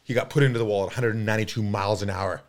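A man in his fifties from Canada, a podcast guest telling stories in an animated, rambling way with many fillers. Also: fairly low pitch, rapid-fire. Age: 50s. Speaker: podcast guest, pro mountain biker. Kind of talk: casual storytelling.

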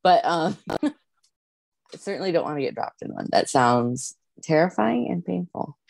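A woman hosts a casual chat and asks her guest questions, pausing on "um"s as she goes. Her voice sits very low for a woman. The recording is dry and close. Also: very animated, gravelly, dry recording. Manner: hesitant, with frequent "um"s and light laughs. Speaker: podcast host.

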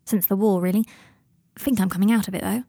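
A woman's voice: mid-range voice, fairly even intonation, brisk, vocal fry, warm tone, no room sound, studio quality. A woman reading the part of a hesitant, awkward young man in an audiobook fan-fiction reading.

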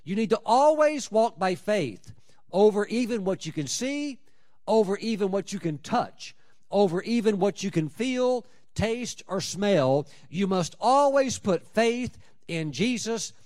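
Preacher guy, kinda high voice, big swings loud to soft, really emphatic. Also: animated, unhurried. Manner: emphatic, dramatic swings in loudness and pitch; acts out prayers and scripture in quoted voices. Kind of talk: sermon.

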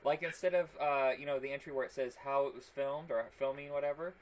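A man's voice: mid-range voice, steady tone, fast, poor audio. A man co-hosting a casual podcast chat, wry and amused as he reads from notes about a film. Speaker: podcast co-host.

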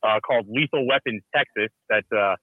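A man calling in to a casual talk show, rattling off stories fast with a joking edge. His voice comes through thin and tinny, like a phone line, with no room around it. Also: fairly low pitch, dry recording. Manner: joking, quick and animated. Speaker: guest caller. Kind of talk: casual storytelling.

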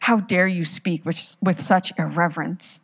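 Anxious guilt-ridden young brother, self-condemning, insistent, woman reads him in a sermon story, slightly low voice. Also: steady tone, unhurried, breathy edge. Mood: anguished. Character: desperate guilt-driven young man, rock-stacking brother.

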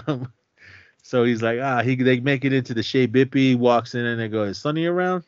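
A man co-hosting a podcast rambles through a film recap, tripping over fillers and slipping into the characters' lines. His voice sits at a middle pitch and comes across dull and dry, with no room in it. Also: flat delivery, normal speed, no room sound. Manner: rambling retelling full of fillers and acted-out dialogue. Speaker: podcast co-host. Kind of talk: casual movie recap chat.

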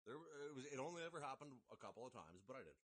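A man's voice: medium pitch, sing-song, rapid-fire, a bit bright, breathy edge, dry recording. Foul-mouthed laughing man, dry close mic. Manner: profane, laughing anecdotes. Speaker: podcast guest. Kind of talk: casual storytelling chat.

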